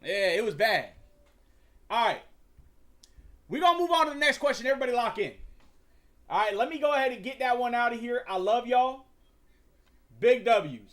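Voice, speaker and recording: A man's voice: extremely high pitch, animated, normal speed, long pauses, a bit bright. A young man hosting a livestream, chatting casually in a slangy, profane, rambling way with frequent stumbles. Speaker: livestream host.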